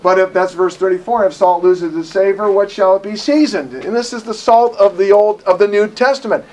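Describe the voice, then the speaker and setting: A man's voice: sits high, brisk, low-quality recording. A man preaching a conversational sermon, telling personal stories with laughter and acting out what people said. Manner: storytelling, animated, acts out quotes with laughter. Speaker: pastor.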